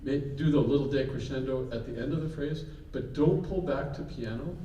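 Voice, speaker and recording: A man's voice: medium pitch, normal speed, warm tone, a little hiss or hum. A man coaching a vocal group, counting in and singing short example phrases. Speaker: vocal clinician. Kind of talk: choir coaching. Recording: echoey room, mic far off.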